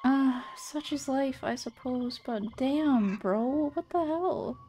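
A woman VTuber talking through a game on a live stream. Her voice sits a little high, and she speaks at an unhurried pace. She bursts into panicky, repeated shouts and swears freely as things go wrong. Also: slight background noise. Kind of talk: casual live gameplay commentary.

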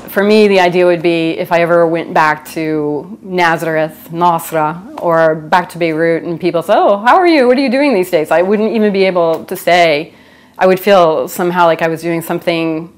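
A woman's voice: sits low, a little hiss or hum. A woman anthropologist in a documentary interview, talking reflectively and conversationally with many "you know" fillers and dropping in Arabic phrases. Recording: music playing under the voice.

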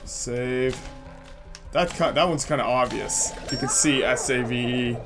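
A man's voice: mid-range voice, unhurried, over music. Joking man playing a game. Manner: joking, chatty. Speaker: gameplay commentator. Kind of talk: casual let's play commentary.

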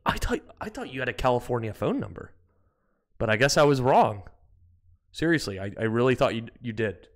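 An American man streaming a geography game, excitable, yelping and swearing, then muttering to himself. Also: medium pitch, brisk. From United States. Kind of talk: live-stream gameplay commentary.

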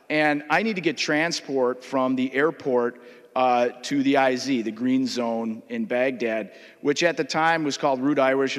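Minnesotan male state legislator, mid-pitched, halting anecdotal memorial speech with lots of fillers, long chamber reverb. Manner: conversational, halting, many uh fillers.

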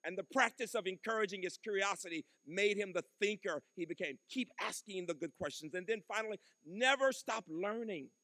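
A man's voice: high voice, fairly quick, hardly any pauses, pushed and bright, no room sound. An older man giving a commencement address, emphatic and preacherly, with rhythmic repetition into a podium microphone. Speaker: commencement speaker.

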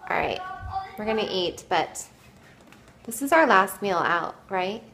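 A young woman talks through her day for a family vlog. She is chatty and upbeat, her pitch sits in an ordinary middle range, and she leans on casual fillers as she goes. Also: animated, a little slow, background noise. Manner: chatty and upbeat, often saying "like" and "um". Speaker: family vlogger.

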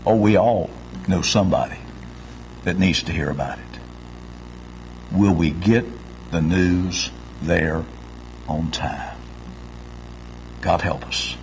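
A man's voice: sits low, animated, slow pace, pauses often, background noise. A male pastor preaching an Easter sermon, telling a story with big swings in his voice. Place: church sanctuary.

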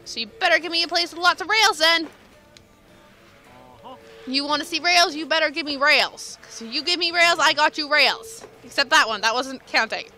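Young woman let's player, high bright voice, self-mocking and teasing, faint game music. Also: moderate pace.

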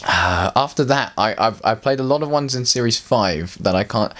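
A man's voice: lowish voice, animated, normal speed, fairly bright tone. A young man chatting casually as an interview guest, rambling off on tangents and laughing often. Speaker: guest, voice actor and prop maker.

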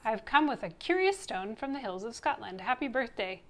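A woman's voice: fairly high pitch, animated, moderate pace. Woman doing a hearty, jolly uncle. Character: jolly, cheerful uncle from Scotland.

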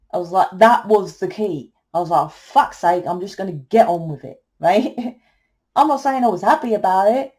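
Blunt swearing woman, mellow voice. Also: mid-range voice. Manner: blunt, swearing, salesy and emphatic. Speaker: tarot reader and spiritual coach. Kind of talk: casual tarot reading monologue.

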